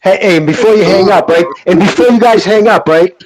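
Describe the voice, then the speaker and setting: A man's voice: high voice, fairly quick, a crowd in the background, poor audio. A man calling into a podcast, telling crude rambling stories and swearing a lot. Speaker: caller. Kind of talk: casual chat.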